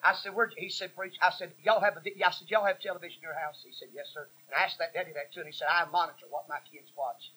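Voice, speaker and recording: A man preaching a sermon, telling stories in a folksy, emphatic way that sometimes drops to a hush. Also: sits high, fairly even intonation, very fast, few pauses, rough recording. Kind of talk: sermon storytelling.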